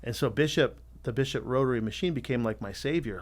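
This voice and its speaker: A middle-aged man, a tattoo artist guesting on a podcast, telling his story in a candid, animated way and swearing freely. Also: mid-range voice, fast talker. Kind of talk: casual storytelling interview.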